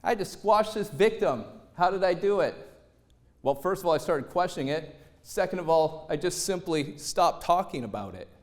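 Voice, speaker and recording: High-voiced man telling a story on stage. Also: moderate pace. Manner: lively storyteller, acts out quotes in other voices. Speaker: motivational speaker.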